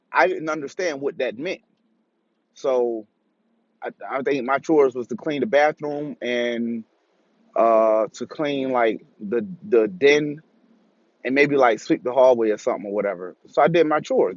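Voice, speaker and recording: A man's voice: mid-range voice, moderate pace, no room sound. A man telling a casual, profane story as a monologue and acting out the voices he quotes. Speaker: vlogger. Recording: dull lo-fi dry recording.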